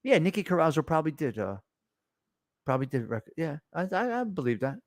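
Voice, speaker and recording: A man's voice: on the high side, sing-song, fast talker, dry recording, clean studio sound. A middle-aged man hosting a casual chat, telling stories in a blunt, profane, tough-guy way. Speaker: show host.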